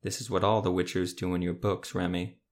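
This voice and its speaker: A gruff monster hunter with a lowish voice, speaking in short, firm sentences, as a male narrator voices him. It stays close to the narrator's own voice in a fantasy story reading. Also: flat delivery, brisk.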